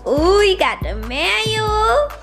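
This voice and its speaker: A woman's voice: extremely high pitch, takes it slowly, gravelly. A young woman vlogging at home, hyped-up and teasing as she films. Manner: hyped-up, teasing, animated chatter. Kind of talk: excited home vlog. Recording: background music under the voice.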